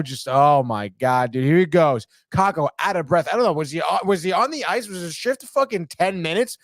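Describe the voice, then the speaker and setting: A man hosting a sports podcast, breaking down game highlights in an excitable, profane way and saying "dude" constantly. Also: moderate pace, dry recording, studio quality.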